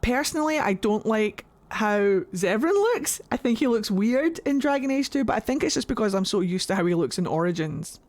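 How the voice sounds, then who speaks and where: A woman's voice: a little high, animated, moderate pace, few pauses, a little mellow. A woman streaming a game, chatting in a goofy, rambling way to her viewers. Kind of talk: casual gameplay commentary. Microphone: desk microphone.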